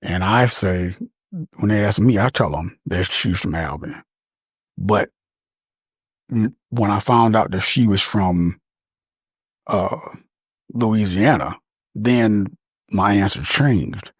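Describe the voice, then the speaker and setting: Low husky man, slow and reflective. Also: no echo, clean studio sound. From Michigan, USA. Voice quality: halting, reflective, slow to find words. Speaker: podcast speaker. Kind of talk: reflective personal monologue.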